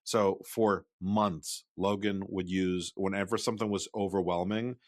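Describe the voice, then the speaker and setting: A man co-hosting a podcast, talking in a relaxed, measured way and sometimes trailing off. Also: deep voice, no room sound, studio quality. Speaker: podcast co-host. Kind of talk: casual chat.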